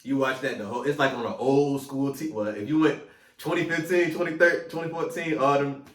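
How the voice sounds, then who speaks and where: Young male guest, slangy laughing storyteller, mid-pitched, echoey distant mic. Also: steady tone, fairly quick. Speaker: guest, army buddy. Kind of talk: casual chat.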